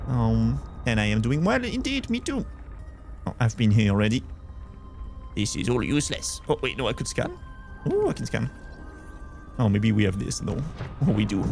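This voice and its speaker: A man's voice: mid-range voice, big pitch swings, moderate pace, soft background music. A young man with a Belgian French accent, chatting casually as he streams a game and answers his chat. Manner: chatty, thinks aloud, reads chat. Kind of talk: casual gameplay commentary.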